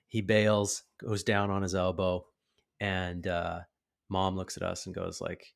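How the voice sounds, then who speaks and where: A man in his thirties hosting a podcast, telling a story in a casual, animated way and acting out the voices of the people in it. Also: low-pitched, normal speed, creaky. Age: 30s. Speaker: podcast host.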